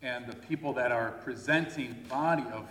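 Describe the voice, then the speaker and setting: A man's voice: mid-range voice, fairly quick, a bit bright, a little hiss or hum. A man preaching a sermon in a conversational way, often checking in with his listeners. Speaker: pastor. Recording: echoey hall.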